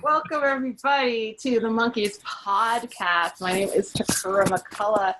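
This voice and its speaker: Woman, 30s, podcast host, giggly, chatty, home recording with steady background hiss. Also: a little high, measured pace, hardly any pauses. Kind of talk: casual chat.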